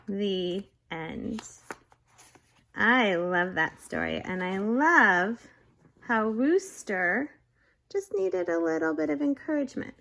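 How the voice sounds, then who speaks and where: A woman teaching a young class from home, giving a slow, clear and encouraging lesson and reading a picture book aloud. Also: mid-range voice, animated, pushed and bright, roomy sound. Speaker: kindergarten teacher. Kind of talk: remote class lesson and story read-aloud.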